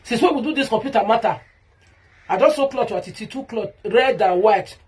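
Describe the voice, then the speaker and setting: A woman's voice: fairly high pitch, lively intonation, a little fast, darkish tone, breathy edge. A woman with a Nigerian Pidgin accent ranting in a vlog monologue, heated and repetitive as she calls someone out by name. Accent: Nigerian Pidgin English. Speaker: vlogger.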